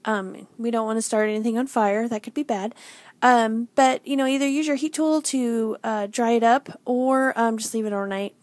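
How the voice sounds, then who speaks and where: A woman in her forties hosts a stamping craft tutorial on her channel, narrating casually in a chatty, self-deprecating way full of ums. Her voice is a little high with fairly even intonation and a moderate pace, and the recording is dry.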